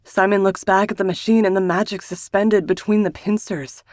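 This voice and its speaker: A woman narrates a first-person novel in a hushed, emotional audiobook reading. Her voice sits at an ordinary middle pitch. The sound is close and dry, with no room echo. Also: steady tone, moderate pace.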